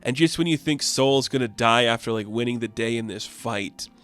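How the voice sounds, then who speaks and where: A man's voice: medium pitch, normal speed, a bit bright, faint music behind. A man chatting casually and enthusiastically as a comic book reviewer, rambling with many fillers.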